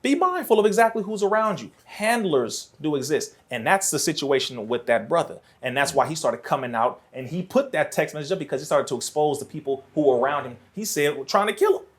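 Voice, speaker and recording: A man speaking as a podcast guest, preachy and animated, his voice rising toward near shouts in a studio. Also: a little high, fairly quick, hardly any pauses. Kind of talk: impassioned podcast talk.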